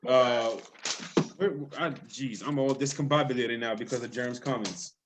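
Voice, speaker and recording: A man with an island accent hosting a sports talk show. He talks in an animated, easygoing way and trips over restarts as he goes. His voice sits at an ordinary middle pitch. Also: normal speed, slight background noise. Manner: energetic, loose, playful with repeated restarts. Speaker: podcast host.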